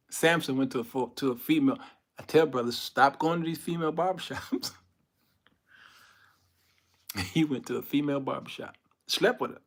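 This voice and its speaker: A man hosting a comedic commentary monologue, telling stories in an animated, folksy way. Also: on the high side, fairly quick. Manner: animated, laughs often, folksy storytelling. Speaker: host.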